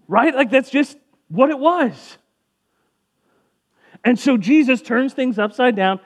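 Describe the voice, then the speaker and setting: A man's voice: high voice, unhurried. A man giving a casual sermon as a pastor, conversational and jokey, briefly acting out voices of people in the story.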